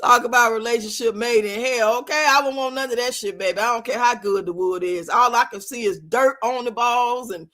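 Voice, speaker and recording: Woman streamer, high and sharp, cursing freely through a casual rant. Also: fairly quick, hardly any pauses. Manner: blunt, profane, rants and scolds with lots of swearing. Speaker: streamer and commentator. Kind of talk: casual live-stream commentary. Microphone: streaming mic.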